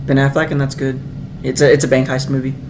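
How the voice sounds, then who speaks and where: A young man co-hosting a podcast, blurting out excitable, profane opinions in casual banter. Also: mid-range voice, fast talker, background noise. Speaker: podcast co-host. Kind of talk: casual chat.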